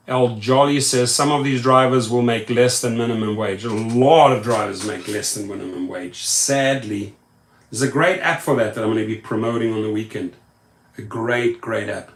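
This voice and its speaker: A man's voice: mid-range voice, moderate pace, a bit bright, roomy sound. A man hosting a rideshare live stream, reading viewer comments aloud and repeating words for emphasis. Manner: emphatic, repetitive chanting of words. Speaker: rideshare YouTube host.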